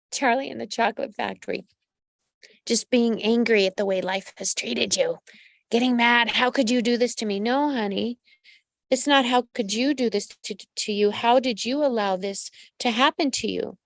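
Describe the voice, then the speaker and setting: A woman's voice: on the high side, dry recording. A woman psychic medium hosting a live astrology reading, giving direct advice and calling her listeners pet names.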